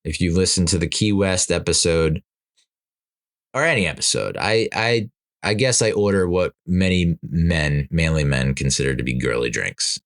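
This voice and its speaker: A man's voice: deep voice, normal speed. A middle-aged man hosting a podcast, telling a rambling, self-mocking story in casual monologue, laughing at himself. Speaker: podcast host.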